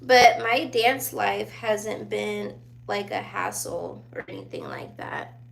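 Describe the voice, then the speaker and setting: A woman's voice: medium pitch, huge pitch swings, takes it slowly, vocal fry, fairly bright tone. A woman in her twenties with a youthful-sounding voice, chatting casually and laughing often as she answers viewer questions. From born in Virginia, raised in Sicily and Germany. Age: 20s. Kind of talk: casual chat.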